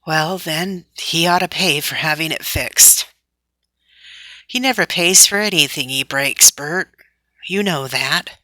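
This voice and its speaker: A woman's voice: low-pitched, slow pace, bright, forceful tone, no echo, full character voice. A woman reading aloud, voicing a boy who is defensive and uneasy. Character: schoolboy friend, uneasy and defensive.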